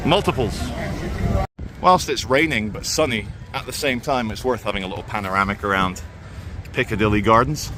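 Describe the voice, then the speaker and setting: A man with a lowish voice vlogs on a handheld phone while walking city streets and a mall. His casual narration rambles with sardonic asides, and background noise comes through.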